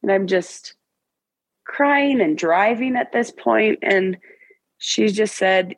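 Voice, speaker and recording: A woman around forty, a guest in an interview, tells a personal story in an emotional, halting way with many restarts. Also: mid-range voice, animated, breathy edge, dry recording, rough recording.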